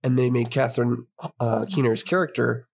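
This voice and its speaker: Excitable, husky-voiced man riffing. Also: mid-range voice, moderate pace. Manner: excitable, rambling with restarts. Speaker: podcast co-host. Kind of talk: casual chat.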